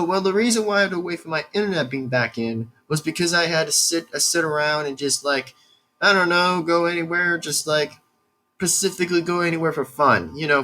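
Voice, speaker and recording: Rambling young man vlogging, bright tone. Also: a little high. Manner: rambling, repetitive, swears casually. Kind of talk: rambling casual storytelling.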